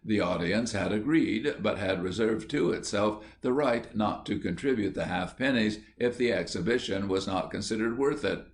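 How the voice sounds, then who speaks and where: A man narrating an audiobook in a measured storytelling manner. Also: fairly low pitch. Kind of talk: scripted narration.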